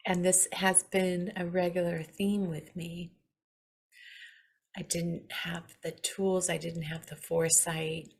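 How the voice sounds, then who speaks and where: A woman in her forties hosting a spiritual talk, speaking earnestly and reflectively with soft laughs and some emotion. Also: on the low side, little pitch movement, slow pace, gravelly, breathy edge. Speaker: spiritual podcast host.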